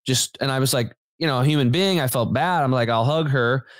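Man, podcast guest, rambling casual storytelling, lots of fillers and restarts, mid-pitched voice, dry close sound. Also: fast talker, no echo. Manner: informal, says "dude" and "like". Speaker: podcast guest, health company founder.

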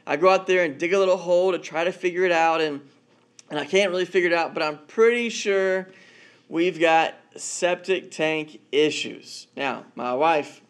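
A man's voice: fairly high pitch, moderate pace. A man, a married father, giving a conversational sermon as pastor, telling stories and often repeating words as he goes. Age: adult, married father.

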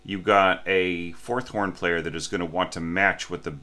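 A man teaching orchestration, talking through a student's score in a halting, restarting way, often checking in with "right?" and sometimes singing or breathing out the phrasing. He says he is a little sleepy. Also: sits low, fairly even intonation, sharp tone. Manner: sings and breathes examples of phrasing. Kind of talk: spoken score critique.

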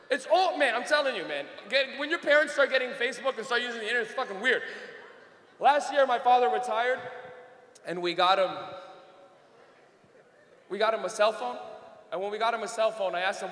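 A loud, profane male comedian performing stand-up on a club stage into a handheld mic. His voice sits high and bright for a man, and it rings with a long hall reverb. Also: fairly quick, pauses often. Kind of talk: stand-up routine.

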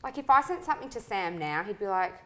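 A woman hosting a casual interview, bubbly and quick to react, telling stories with energy. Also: mid-range voice, lively intonation, noisy background. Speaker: interview host. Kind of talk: casual chat.

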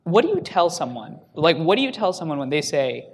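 A man's voice: on the high side, sing-song, brisk, slight background noise. A man moderating a panel discussion in a hotel ballroom, asking questions in a conversational way with frequent restarts.

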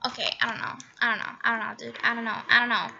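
A woman giving casual, excitable commentary while playing a game, gasping and laughing at her own mistakes. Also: a little high, racing, gravelly, dull audio, background noise. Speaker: gaming channel host.

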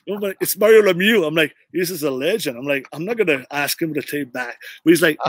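A middle-aged man telling an easygoing story as a podcast guest. He sits a little higher in pitch than most men and keeps slipping into "I'm like" and "he's like". The sound is close and dry, with no room in it. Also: normal speed, no echo. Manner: anecdotal, repeats "I'm like" and "he's like", light laughs. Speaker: podcast guest, retired hockey player. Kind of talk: casual storytelling.

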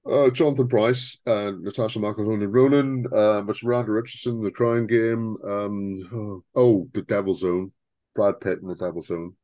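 A man's voice: on the low side, fairly even intonation, normal speed, mellow, no echo. A man co-hosting a podcast, giving opinionated, rambling film talk with many restarts. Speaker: podcast co-host. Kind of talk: casual film discussion.

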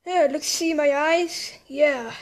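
High-pitched slow-paced playful voice. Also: female voice. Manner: playful childlike voices, shifting between characters. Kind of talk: homemade toy play acting several characters.

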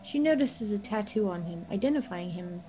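A woman's voice: medium pitch, expressive, moderate pace, low-quality recording. Woman reading a game recap over music. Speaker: player recapping the last episode.

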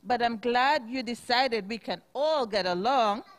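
A woman voicing wise old Noah in a rhyming storybook read-aloud, in a slow, steady manner. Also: fairly high pitch, close to an everyday voice. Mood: gently scolding. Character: wise old man Noah, calm builder.

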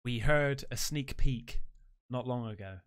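A man, reacting excitedly on a live stream. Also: medium pitch, a little slow, clean tone. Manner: excitable, exclaiming.

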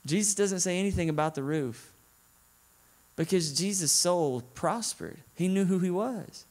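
Male guest preacher with a Southern accent. Slightly higher voice, folksy, talks to the room. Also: unhurried. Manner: conversational, often asks "right?". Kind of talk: sermon.

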